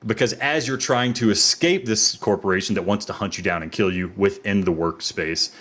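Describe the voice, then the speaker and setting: Male game reviewer, lowish voice, playful mock-trial delivery. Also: normal speed, fairly bright tone.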